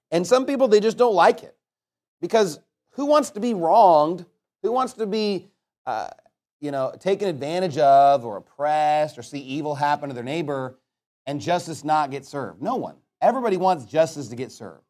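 A pastor with a strikingly high voice delivers a blunt, fiery sermon, moving from loud emphasis to quiet asides. When he reads scripture, he slows into a solemn cadence.

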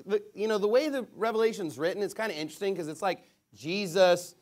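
A man's voice: sits high, quick pace. A man preaching a sermon as pastor, playing a call-and-response game with children and talking playfully to the congregation. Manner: lively, playful with kids, calls out to the crowd.

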